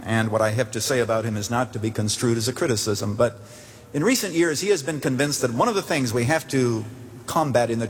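A pastor in the pulpit tells stories earnestly during his sermon, climbing toward emphatic questions. He has a medium-pitched voice with a breathy edge, and the church sanctuary gives it a long, reverberant tail.

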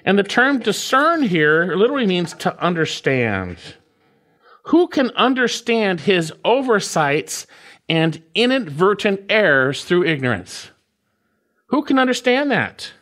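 A man's voice: sits high, very animated, a little slow, fairly bright tone. A man preaching an expository sermon, explaining word meanings and repeating key phrases with emphatic stress. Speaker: pastor.

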